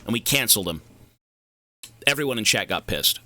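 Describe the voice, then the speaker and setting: A man's voice: on the low side, lively intonation, brisk, pushed and bright, no echo. A young man streaming a game, chatting casually, rambling and cursing as he goes off on side tangents. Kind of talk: casual livestream chat while gaming.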